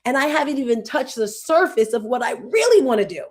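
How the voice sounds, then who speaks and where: Her voice high-pitched and animated, a fifties-aged woman hosts a relaxed conversation. She drifts through rapid tangents with a lot of feeling and sometimes nearly cries.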